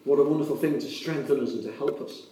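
An earnest preacher delivers a sermon in a warm, mellow voice that sits a little high for a man. He talks fast with fairly even intonation and drives his points home emphatically by repeating key phrases. He's heard from some distance off the mic, with a large room's echo and slight background noise.

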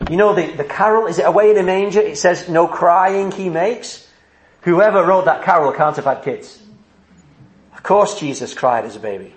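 A man's voice: a little high, expressive, a little fast. A man preaching a sermon at a church service, earnest and driving his points home with rhetorical questions. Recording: roomy echo.

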